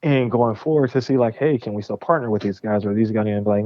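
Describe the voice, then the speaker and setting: A young man tells a story on a podcast in a lively, profane way, voicing each person in it. His pitch sits in the middle range. The audio is dull and dry, with no room sound. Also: quick pace, hardly any pauses, dry recording. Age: young adult. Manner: animated, profane, acts out both sides of conversations. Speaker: game studio founder, guest.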